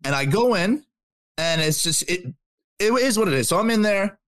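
A man in his early thirties co-hosting a talk radio show, telling a story in a quick, animated way that builds up steam. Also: high-pitched, no echo. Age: 30s. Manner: animated, quick storyteller who gets worked up.

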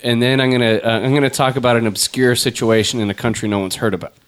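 A man's voice: medium pitch, fairly even intonation, quick pace, clear, resonant tone. A man hosting a podcast in casual chat, rambling and joking with many fillers. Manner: rambling, jokey, lots of fillers. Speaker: podcast host.

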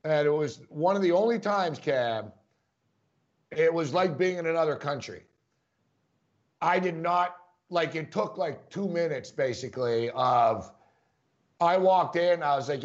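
Fast-talking high-voiced New York man. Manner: fast-talking, rambling, laughs often. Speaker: podcast co-host. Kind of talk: casual chat. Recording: dull lo-fi audio.

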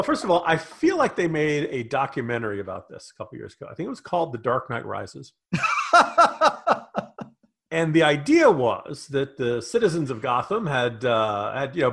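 Male co-host, lively pitch, sardonic political commentary. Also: breathy edge. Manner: animated, sardonic. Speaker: podcast co-host.

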